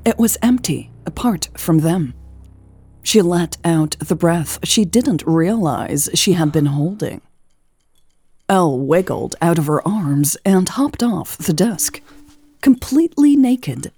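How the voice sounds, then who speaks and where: Slow, husky woman audiobook narrator. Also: fairly low pitch, lively intonation, warm tone, no room sound. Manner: slow, measured reading.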